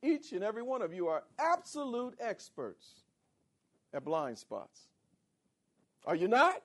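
A man preaching a sermon as pastor, animated and calling on the congregation for responses. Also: high voice, unhurried. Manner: animated, calls for audience responses.

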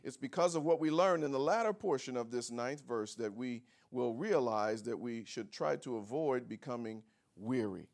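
A man preaching a sermon, teaching word meanings and asking the congregation for responses, swinging from low asides to shouted emphasis. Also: normal speed. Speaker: pastor.

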